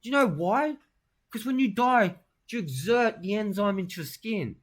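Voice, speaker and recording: A man's voice: high-pitched, expressive. A man, rambling through crude, boastful comic tall tales. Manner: brash, crude, rambling, fast-talking boasts.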